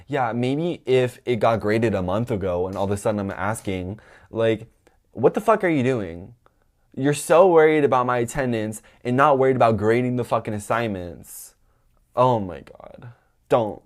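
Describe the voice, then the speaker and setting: A young man hosting his own podcast, telling a story in a rambling, animated way, full of "like" and swearing. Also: medium pitch, normal speed. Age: young adult. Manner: acts out quoted people in a raised voice. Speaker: podcast host. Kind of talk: casual storytelling monologue.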